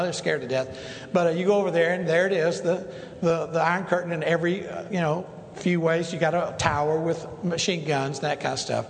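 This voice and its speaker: A middle-aged male pastor telling rambling stories in a sermon, full of restarts and asides. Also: high-pitched. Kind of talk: sermon storytelling. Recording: echoey hall with long reverb, faint noise.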